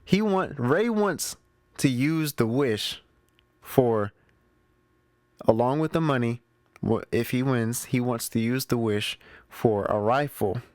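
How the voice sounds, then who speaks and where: A man's voice: medium pitch, slow, long pauses, darkish tone, no echo. Chatty man recapping a movie, dry sound. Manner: chatty, slangy, talks straight to the audience. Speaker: movie review show host.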